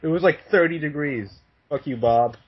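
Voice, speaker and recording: A man's voice: fairly high pitch, moderate pace, slightly rough. Casual male podcast guest, profane, laughing storyteller, dull lo-fi recording. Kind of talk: casual chat. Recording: dull lo-fi sound.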